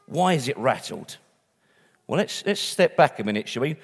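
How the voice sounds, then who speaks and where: A man's voice: medium pitch, very animated, moderate pace, creaky, slightly rough, in a large hall. A man preaching a sermon in a conversational way, with restarts and asides.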